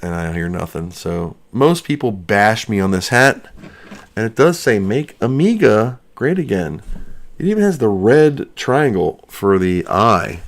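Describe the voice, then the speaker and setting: A man's voice: lowish voice, big pitch swings, unhurried. A man hosting a casual livestream from his basement studio, rambling and joking as he answers chat questions. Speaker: livestream host.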